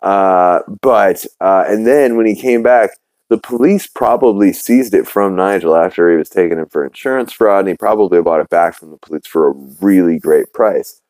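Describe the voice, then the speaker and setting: A man hosting a podcast who rambles through a cartoon recap, swears freely and trips over his own restarts. His voice sits low and sounds warm and relaxed. The recording is dry and close to the mic. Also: normal speed, no room sound, low-quality recording. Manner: rambling, profane, full of fillers and restarts. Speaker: podcast host. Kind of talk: casual episode recap.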